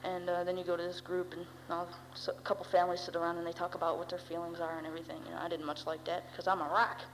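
A woman's voice: lowish voice, flat delivery, very fast. A teenage girl sharing her recovery story in a rambling, wry way, with many fillers. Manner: rambling, wry, full of "you know" and "uh". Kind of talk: personal recovery testimony. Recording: long hall reverb with faint hum.

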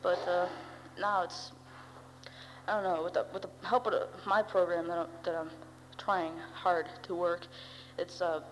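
A woman's voice: fairly low pitch, level tone, unhurried. A teenage girl sharing her recovery story in a rambling, wry way, with many fillers. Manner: rambling, wry, full of "you know" and "uh". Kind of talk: personal recovery testimony. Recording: long hall reverb with faint hum.

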